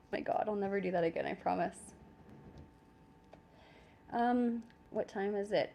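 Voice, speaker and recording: Unhurried and mellow, with vocal fry and long pauses, a woman with a Canadian accent chats into her phone during a casual home livestream. She jokes at her own expense, laughs frequently, and swears casually; a little hiss or hum is audible.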